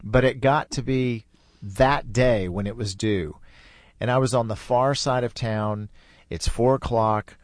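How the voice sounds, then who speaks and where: A middle-aged man hosting a podcast, telling a story in a relaxed, chatty way and laughing easily. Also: mid-range voice, a little slow, dry recording, studio quality. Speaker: podcast host. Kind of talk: casual storytelling.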